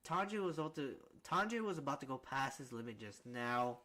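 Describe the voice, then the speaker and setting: A man's voice: medium pitch, lively intonation, fast talker, hardly any pauses, bright, forceful tone. A man streaming a casual manga reading, chatty and reacting aloud with frequent fillers.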